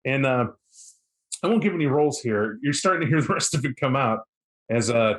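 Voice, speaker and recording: A man's voice: fairly high pitch, expressive, moderate pace. A man running a tabletop game as game master, narrating in a loose, chatty way with many fillers.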